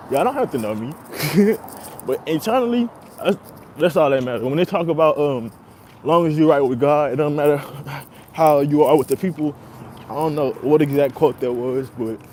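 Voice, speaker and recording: A young man rambles in a relaxed, profane, slang-heavy monologue, breaking into laughter often. His voice sits a little high for a man. Faint traffic noise from outdoors runs behind him. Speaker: podcast host. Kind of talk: casual monologue.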